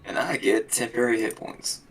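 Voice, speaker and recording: A man's voice: mid-range voice, brisk, a bit bright, poor audio. A man playing in a tabletop game, easygoing and laughing. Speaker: player.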